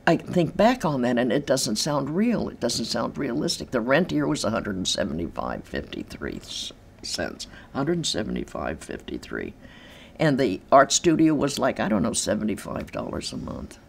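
An older woman telling stories in an interview from her apartment, animated and acting out the voices of others. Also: extremely low pitch, moderate pace, creaky, slight background noise. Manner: animated, acts out quoted voices, laughs easily. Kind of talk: storytelling in an interview. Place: large empty room in her apartment.

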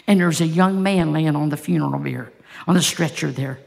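Gravelly-voiced woman pastor preaching. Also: low voice, a little fast, a little mellow. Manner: passionate storytelling with rhetorical questions. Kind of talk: sermon.

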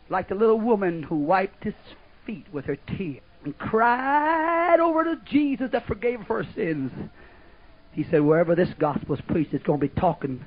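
A man preaching a sermon, swinging from loud fervor to hushed asides and chuckles. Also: high voice, breathy edge. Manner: fervent preaching, swings from shouts to hushed asides, laughs often. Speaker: pastor. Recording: muffled old tape recording.

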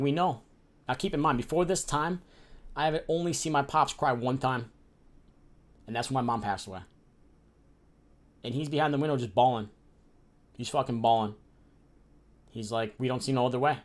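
A young man from the Chicago area telling a personal story in a casual, profane and heated way, acting out the people in it. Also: mid-range voice. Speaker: streamer telling his life story.

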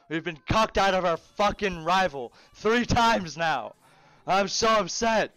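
A man's voice: sits high, a little slow, fairly bright tone, clear, resonant tone, dry recording. A man streaming a game live, swearing, groaning in frustration and laughing between outbursts. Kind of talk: live gaming stream chatter.

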